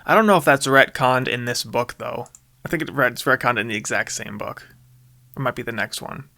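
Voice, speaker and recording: A man's voice: mid-range voice, moderate pace, creaky, sharp tone, no room sound. A young man reading his own old story aloud, with amused, self-mocking commentary. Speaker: author reacting to his own old book.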